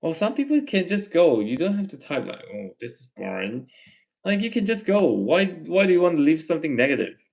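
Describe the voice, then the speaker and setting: A man with a Malaysian English accent, reading chat messages aloud on his livestream and answering them in a gently lecturing way. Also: sits high, big pitch swings, a little fast, creaky. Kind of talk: casual live chat Q&A.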